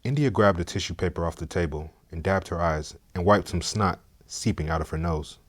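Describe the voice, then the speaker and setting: A man narrating a story in a steady, measured, scripted way. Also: deep voice.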